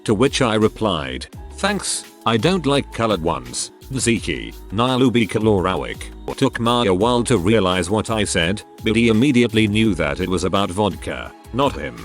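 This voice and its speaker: A man with a fairly low voice reads out stories in a steady scripted way. Soft music plays faintly behind him. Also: normal speed, few pauses. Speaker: narrator reading Reddit stories. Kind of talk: scripted narration.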